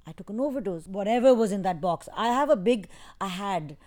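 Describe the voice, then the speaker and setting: A woman as an interview guest, talking in a soft, halting, reflective way with many restarts. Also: mid-range voice, lively intonation. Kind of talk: emotional personal interview. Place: in England.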